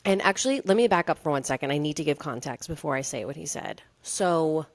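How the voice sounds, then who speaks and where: A woman's voice: low-pitched, fast. A woman in her thirties co-hosting a podcast, telling a story in a chatty way with lots of fillers. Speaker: podcast co-host. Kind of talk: casual chat.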